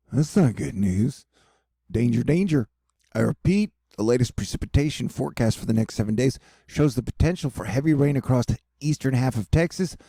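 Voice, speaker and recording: A man's voice: mid-range voice, creaky, dark tone, breathy edge, no echo, clean studio sound. A man hosting a casual weather update, rambling along with jokey, self-mocking asides. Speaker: weather news host. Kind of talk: casual weather commentary over maps.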